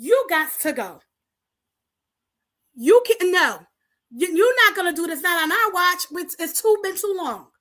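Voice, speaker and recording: Woman host from Paterson, New Jersey, impassioned preacher-style address to the community, bright and sharp voice. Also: extremely high pitch, animated, unhurried, long pauses. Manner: preachy call-and-response, rallying the audience; talks straight to the viewers, repeating lines for emphasis. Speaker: host of a community talk show.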